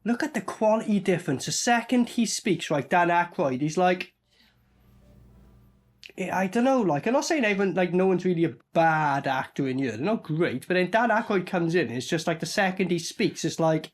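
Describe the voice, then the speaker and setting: Reviewer, man, loose sweary chat, animated delivery. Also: sits high, moderate pace. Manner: sweary, rambling, puts on silly voices. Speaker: movie reviewer. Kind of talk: casual reaction commentary.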